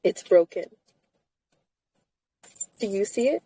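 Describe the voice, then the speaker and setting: A woman's voice: mid-range voice, expressive, slow, dark tone, slightly rough, no room sound, low-quality recording. A tired woman co-hosting a live-stream chat, emphatic and repetitive, swearing freely. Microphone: streaming mic.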